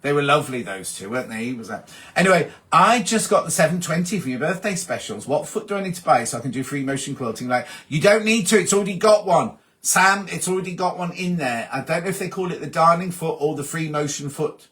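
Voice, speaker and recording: Guy chatting through viewer comments on a livestream, a bit high voiced, friendly. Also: lively intonation, a little fast. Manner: chatty, reads out comments and answers them warmly. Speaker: host. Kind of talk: casual live-stream chat reading viewer comments.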